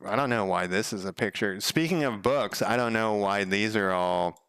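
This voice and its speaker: A game developer streamer chats casually at home, rambling loosely, chuckling often, and swearing casually. His low-side voice moves at normal speed and is a bit bright, gravelly-edged yet smooth and resonant. The sound is dry and close, with no room echo.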